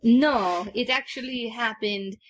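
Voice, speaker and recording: A woman playing a tabletop game, speaking in character in a measured, formal way. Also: fairly high pitch. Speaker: player voicing her character. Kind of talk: tabletop role-play in character.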